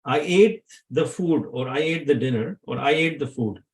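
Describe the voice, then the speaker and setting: Higher-voiced man teaching a class. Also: normal speed, poor audio. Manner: checks in with students, asks questions. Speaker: Arabic grammar teacher. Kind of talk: classroom lesson with students.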